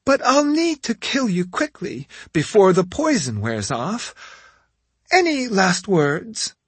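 Guy doing a witch villain, shrill and high, sneery and spiteful, husky, dry studio sound. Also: sing-song, takes it slowly, no echo, heavily acted. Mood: mocking. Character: spiteful female witch assassin, mocking.

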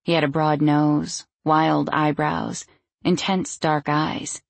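A woman narrating a novel in a measured storytelling way. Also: low-pitched, flat delivery, creaky, no room sound. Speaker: audiobook narrator. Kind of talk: scripted narration.

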